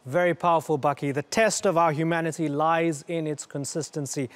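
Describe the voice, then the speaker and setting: Measured male news host. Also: a little high, fairly even intonation. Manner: measured, formal questioning. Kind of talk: studio interview.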